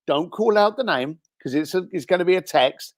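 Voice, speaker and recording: A British man, a guest on an interview show, giving casual advice in an animated way and acting out what people might say. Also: sits high, fairly quick, no echo, studio quality. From Britain. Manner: animated, acts out quoted speech.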